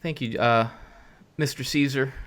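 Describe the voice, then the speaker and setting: Earnest, bright-voiced podcast host man. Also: medium pitch, steady tone. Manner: earnest, halting with restarts and fillers. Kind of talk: casual chat and reading listener questions.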